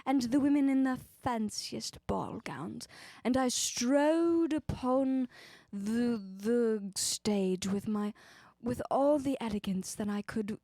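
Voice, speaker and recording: A woman voicing an elegant magician in a put-on posh English accent, narrating in a hushed, stately way. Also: a little high, slow pace, dry recording.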